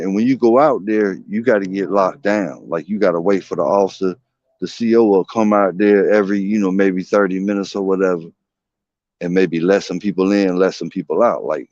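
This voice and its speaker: A man with a very deep voice tells a long story in loose, slangy talk full of cursing. He rambles and circles back as he goes. The audio is dry and dull, like a basic home stream setup. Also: darkish tone, no room sound. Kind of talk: casual storytelling.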